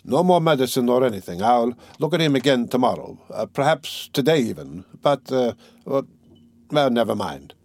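A man's voice: mid-range voice, lively intonation, a little mellow, dry recording, lightly acted. A man doing a lazy, self-important young doctor. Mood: offhand. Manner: slow, offhand, hesitant with fillers.

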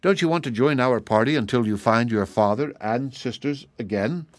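Man voicing a gentle easygoing wanderer, calm and soothing, dry close sound. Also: mid-range voice, moderate pace, dry recording, lightly acted. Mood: kindly. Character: kindly, easygoing ragged male wanderer. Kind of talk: storybook character voice.

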